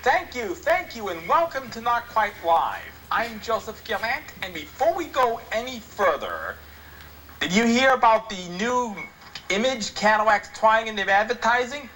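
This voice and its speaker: A man's voice: high-pitched, pushed and bright, poor audio. A man hosting a comedy radio show, delivering jokes in a wry, mock-serious way. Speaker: host.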